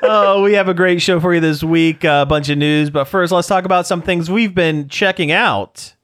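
A man's voice: high-pitched, moderate pace, fairly bright tone. A man hosting a casual podcast chat, rambling, joking and laughing often. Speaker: podcast host.

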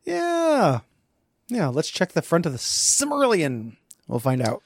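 Hoarse, gravelly man co-hosting a podcast. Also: mid-range voice, huge pitch swings, moderate pace, no room sound, studio quality. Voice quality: scratchy. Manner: easygoing, plays along with jokes. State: hoarse from karaoke. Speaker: podcast co-host. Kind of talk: casual comedic chat.

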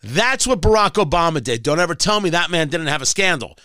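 A man's voice: fairly high pitch, expressive, brisk, pushed and bright, dry recording, clean studio sound. A male talk radio host delivering a combative, sarcastic political rant.

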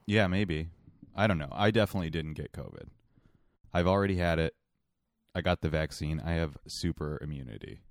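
A man's voice: extremely low pitch, brisk, gravelly, dry recording, studio quality. A man co-hosting a podcast in casual, teasing chat, with a sore throat. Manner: argumentative, teasing, does vocal warm-ups. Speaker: podcast co-host.

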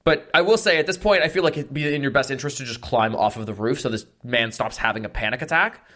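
A man's voice: mid-range voice, quick pace. A man running a tabletop game as game master, narrating casually with lots of "like". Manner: lively, casual, with frequent "like".

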